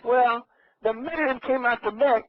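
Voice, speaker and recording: High-voiced rambling man on radio. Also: a little slow, no room sound. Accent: Los Angeles. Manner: rambling, loses his train of thought. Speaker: regular caller. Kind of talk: rambling comic phone-in story. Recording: dull radio broadcast audio.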